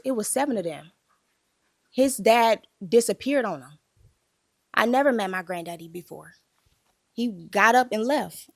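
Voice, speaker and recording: Woman, gravelly voice, dry close sound, emotional confessional storytelling, near tears. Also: medium pitch, dry recording. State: holding back tears. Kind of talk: candid group conversation.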